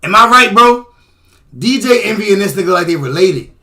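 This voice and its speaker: Loud, high-voiced man mocking clips. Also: lively intonation, fairly quick. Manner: loud, profane, laughing and shouting mockery. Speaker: commentator reacting to clips. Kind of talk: casual reaction commentary.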